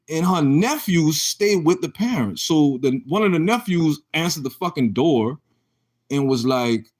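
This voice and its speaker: A young man spins a foul-mouthed personal story in a casual storytime monologue. His voice sits a little high for a man and swings widely in pitch as he animates every turn. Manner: profane, animated, acts out quoted exchanges.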